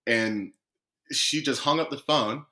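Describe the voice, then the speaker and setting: Bright-voiced man telling a lively story. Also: mid-range voice, slow pace. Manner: lively storyteller who acts out quoted dialogue. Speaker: guest footballer. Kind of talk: storytelling in a podcast interview.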